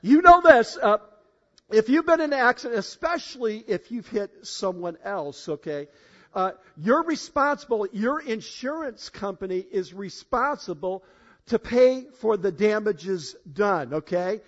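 A male pastor with a high, sing-song voice preaches at a measured pace to his congregation in church, swinging between booming declarations on key phrases and low, intimate asides. He addresses the people directly and asks for a show of hands, and the recording sounds dull and lo-fi.

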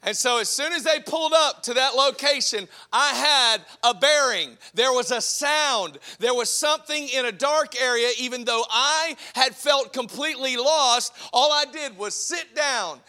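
High, bright-voiced preaching man. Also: unhurried, few pauses. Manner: impassioned, swings from shouting to hushed. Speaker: pastor. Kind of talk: sermon.

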